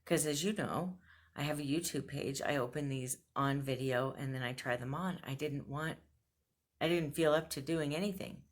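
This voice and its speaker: A woman's voice: low voice, moderate pace. A woman vlogger venting to camera, blunt and frustrated, laughing between complaints. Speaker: fashion subscription box vlogger.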